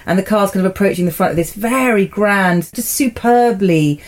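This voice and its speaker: A woman's voice: mid-range voice, moderate pace. A woman co-hosting a podcast, recapping a television episode in casual chat, amused and laughing often. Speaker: podcast co-host.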